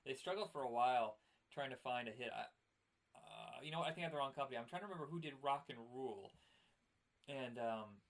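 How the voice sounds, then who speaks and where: A man's voice: mid-range voice, expressive, quick pace, vocal fry. Chatty man rambling about cartoons. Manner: laughs often, rambling with fillers. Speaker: podcast co-host. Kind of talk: casual chat about cartoons.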